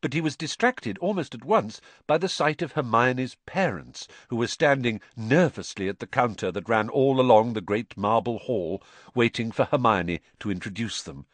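A man reading an audiobook in an animated storytelling manner. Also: mid-range voice, normal speed, dry recording. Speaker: audiobook narrator. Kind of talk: scripted narration.

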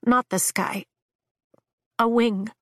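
A woman narrating a fantasy novel in the first person, with a measured, emotive reading. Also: on the high side, fairly even intonation, a bit bright, dry recording, studio quality. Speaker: audiobook narrator.

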